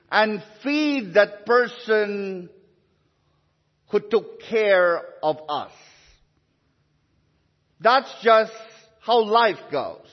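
A man preaching a sermon as a priest, telling a story slowly and reflectively with long pauses. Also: sits high. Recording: dull sound with long hall reverb.

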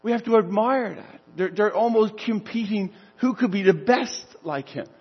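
A man's voice: sits high, moderate pace, breathy edge, in a large hall, highs cut off. An older man preaching a sermon as a pastor, telling the story in a conversational way and acting out the dialogue.

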